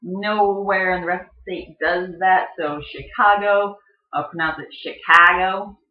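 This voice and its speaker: Casual presenter, mid-pitched voice, lots of ums, imitates pronunciations; lo-fi sound in a reverberant room. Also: fairly even intonation, normal speed. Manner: chatty, filler-heavy, mimics regional pronunciations. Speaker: video presenter. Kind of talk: casual explainer talk. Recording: dull, echoey home recording.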